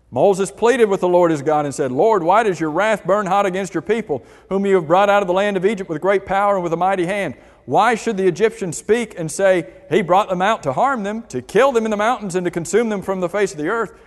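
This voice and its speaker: A man's voice: sits high, brisk. A man teaching a church Bible class, asking the class questions and reading scripture aloud. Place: church hall. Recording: long hall reverb.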